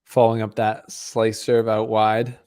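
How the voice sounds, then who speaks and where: Low-leaning, smooth, and a bit mellow, his voice stays completely flat at a measured pace. He runs a live tennis watch-along, rambling casually about the match and talking to his chat.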